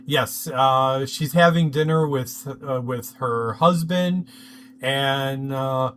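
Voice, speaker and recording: Casting note: male podcast co-host, bright and sharp tone, casual scene retelling, faint noise behind. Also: mid-range voice, slow. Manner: laughs easily, retells scenes with quotes. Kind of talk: casual recap chat.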